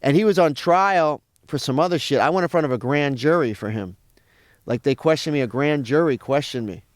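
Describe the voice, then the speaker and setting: A man's voice: fairly high pitch, fairly quick, dry recording, studio quality. A man, a comedian guest telling a profane story in casual chat and acting out what others said. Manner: animated, profane, acts out other people's lines.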